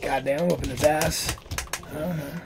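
Gravelly, foul-mouthed gamer man. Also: a little high, fairly even intonation, measured pace, music in the background. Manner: profane, trash-talking, easily annoyed. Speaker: gaming streamer. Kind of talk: casual gameplay commentary.

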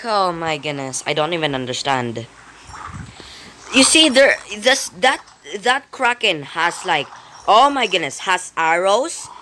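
A person giving casual gameplay commentary, excitable, with frequent startled exclamations, giggles and rambling restarts. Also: medium pitch, slow, a little hiss or hum.

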